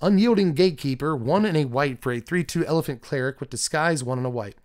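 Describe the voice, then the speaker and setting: A man with a slightly high voice and a strained quality talks casually through a set review. He reads card text aloud and then rates each card. He laughs easily and often pokes fun at his own mistakes. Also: quick pace, a little mellow. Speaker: card game channel host reviewing a set. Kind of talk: casual solo review talk.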